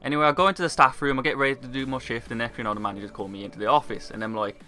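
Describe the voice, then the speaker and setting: A young British man telling a story in a casual, sweary, animated way. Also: mid-range voice. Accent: British English. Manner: brisk, animated, sweary retelling. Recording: faint background music.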